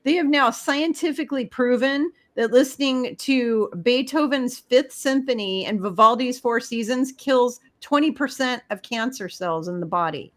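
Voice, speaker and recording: A middle-aged woman with a fairly high voice gives spiritual advice. She talks straight to the listener in an emphatic, preachy way. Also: normal speed, few pauses. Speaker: spiritual guest. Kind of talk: casual spiritual advice talk.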